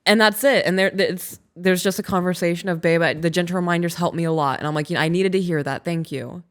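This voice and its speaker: A woman's voice: lowish voice, fast talker. A young adult woman co-hosting a casual podcast, laughing often and acting out what she and her husband said. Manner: laughs often, acts out quoted lines. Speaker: podcast co-host. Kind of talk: casual chat.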